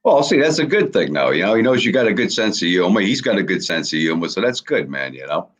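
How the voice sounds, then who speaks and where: A man calling into a livestream, swearing constantly and telling animated stories between laughs. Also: deep voice, fast. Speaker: guest caller. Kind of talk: casual profane chat. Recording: dull lo-fi call audio.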